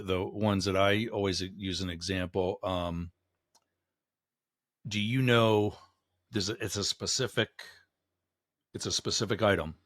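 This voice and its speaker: Man, podcast co-host, blunt, emphatic, lowish voice, dry recording. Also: no room sound. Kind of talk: casual conversation.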